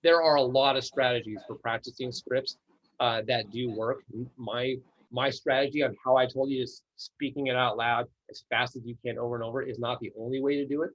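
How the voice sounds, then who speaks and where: A man's voice: medium pitch, fairly even intonation, brisk, fairly bright tone, dull audio. A man coaching new real estate agents in a training session, talking with energy, repeating his words and acting out dialogue.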